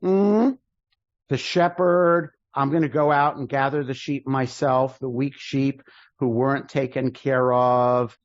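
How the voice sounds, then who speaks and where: A man's voice: mid-range voice, steady tone, takes it slowly, no echo, dull audio. A man, a rabbi, teaching a class in a casual lecture style, thinking aloud with restarts and rhetorical questions. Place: synagogue classroom with video call.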